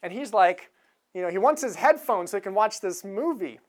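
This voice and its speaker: A woman's voice: mid-range voice, animated, normal speed. Woman preacher, casual chatty sermon delivery, easy chuckles, mid-range voice. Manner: conversational, chuckles while retelling a film scene.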